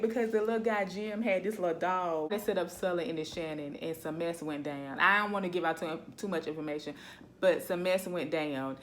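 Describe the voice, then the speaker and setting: A woman vlogger talking about shows in a casual, animated way. She laughs often and keeps addressing her viewers. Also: medium pitch, a little hiss or hum. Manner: chatty and animated, laughs often, says "y'all". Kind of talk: casual chat.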